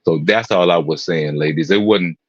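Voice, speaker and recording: A man's voice: low-pitched, moderate pace, no echo. An older man in casual chat, speaking earnestly and with emphasis, often repeating himself. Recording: muffled dry sound.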